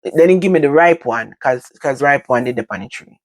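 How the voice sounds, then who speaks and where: An older woman with a Jamaican accent, telling stories from her own life to her vlog audience in casual, animated talk that moves between patois and standard English. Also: very deep voice, brisk, dry recording. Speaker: vlogger. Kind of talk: casual storytelling to camera.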